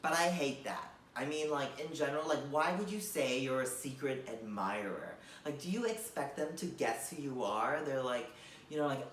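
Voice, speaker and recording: A man's voice: a little high, moderate pace, a bit bright, echoey room, far from the mic, slight background noise. A man doing a comedic monologue, rambling with lots of fillers and mock-gushing sarcasm.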